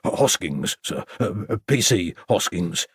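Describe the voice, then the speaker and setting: A man reads a nervous country policeman in an audiobook. He stammers and fumbles each apology, his voice jumping up and down in pitch. The sound is close and dry. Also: lively intonation, unhurried, slightly rough, dry recording, exaggerated voice. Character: flustered, stammering male village constable.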